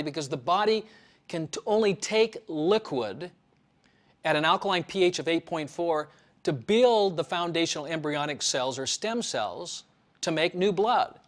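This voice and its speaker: A man giving a promotional monologue as an author, emphatic and repetitive, with a preachy way of talking. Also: a little high. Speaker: health author.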